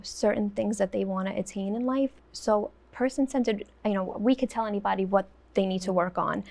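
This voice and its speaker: Creaky-voiced woman guest. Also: mid-range voice, darkish tone. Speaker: guest, autism program worker. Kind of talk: interview answers.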